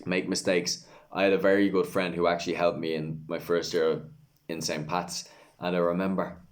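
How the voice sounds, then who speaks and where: Young dublin guy rambling away, deep voice, swears a fair bit. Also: level tone, moderate pace. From Ireland. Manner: candid, rambling, swears freely. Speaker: vlogger, English language teacher. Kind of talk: casual chat.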